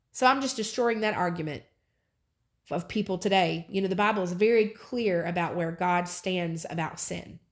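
A woman teaching the Bible casually, earnest and emphatic, repeating her phrases and rising sharply in pitch.

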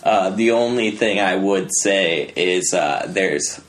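Deep-voiced laid-back man. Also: slow. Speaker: podcast guest. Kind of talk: casual chat.

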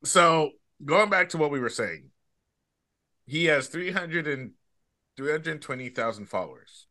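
Bright-voiced man telling a story. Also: a little high, animated, unhurried, dry recording. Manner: storytelling, laughs often, easygoing. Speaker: podcast guest. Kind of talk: casual comedic chat.

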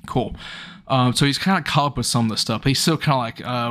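A man's voice: medium pitch, a little fast, fairly bright tone. Young guy rambling thru an episode recap, casual chatty vibe, voice jumps up when he gets hyped. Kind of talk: casual retelling of an anime episode.

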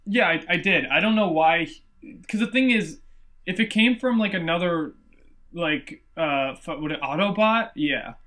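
Ranting high-voiced male podcast host. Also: moderate pace, pushed and bright. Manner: ranting, swears often. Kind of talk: casual movie review chat.

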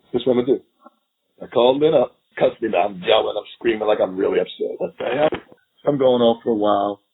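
Husky-voiced man telling a story over a tinny line. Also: medium pitch. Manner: animated, laughing storyteller who acts out quotes. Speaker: retired FBI agent, podcast guest. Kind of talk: storytelling interview. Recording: tinny phone-line audio.

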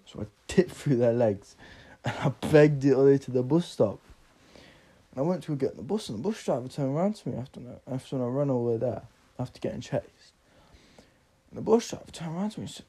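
A man's voice: medium pitch, dark tone, breathy edge. An eighteen-year-old man, drunk, telling a rambling story on his podcast, swearing often. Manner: swearing, rambling, filler-heavy. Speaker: podcast host.

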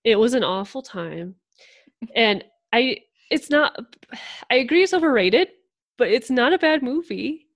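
Chatty, quick-talking woman co-host. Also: a little high, expressive. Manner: chatty, quick, laughs easily. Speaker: podcast co-host. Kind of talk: casual chat.

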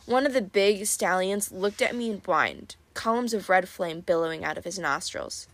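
A woman reading a first-person audiobook with wry, lively storytelling. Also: medium pitch, normal speed. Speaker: audiobook narrator.

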